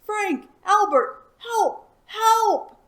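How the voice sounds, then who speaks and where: Lady doing a brave clever little boy from a storybook, hushed earnest voice. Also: medium pitch, expressive, moderate pace, close to an everyday voice. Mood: loud fake cries. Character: plucky young boy adventurer, brave and clever.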